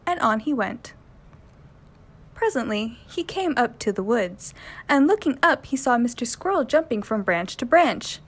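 A woman reading a children's story aloud in a gentle, clear manner as the storyteller. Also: a little high, very animated, unhurried.

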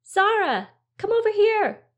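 A man's voice: very high voice, big pitch swings, normal speed, gravelly, voice pushed up, full character voice. A woman voicing an eager, wide-eyed little boy in a storybook reading. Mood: excited.

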